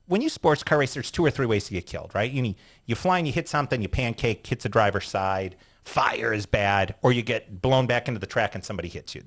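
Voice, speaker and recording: A man spinning a wild story as an interview guest, his voice at an ordinary middle pitch for a man. He swears often and slips into the voices of the people in his story. The telling stays loose and lively. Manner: profane, animated storyteller acting out quotes. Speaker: interview guest, retired sports car driver.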